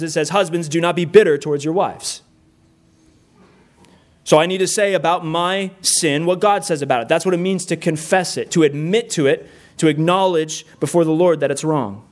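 Earnest man preaching a sermon. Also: on the high side. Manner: earnest, emphatic lists, repeats key phrases. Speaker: pastor. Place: church room with a congregation.

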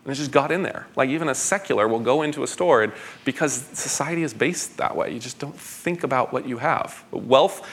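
A man's voice: medium pitch, fairly quick, hardly any pauses, a bit bright. A man, a pastor, answering audience questions at a conference in an eager, rambling way with frequent stammered restarts.

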